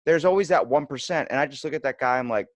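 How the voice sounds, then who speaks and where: A man's voice: medium pitch, fast, no room sound. A man talking as a stand-up comedian guest on a podcast, earnest, rambling and profane. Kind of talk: casual chat.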